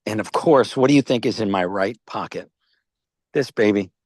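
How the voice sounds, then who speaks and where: A man's voice: fairly low pitch, normal speed, no echo. An older man, casually telling rambling stories on a video call and often checking in with "okay?". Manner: rambling storyteller, repeats words, says "okay?" and "all right?" often. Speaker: company founder pitching wellness products.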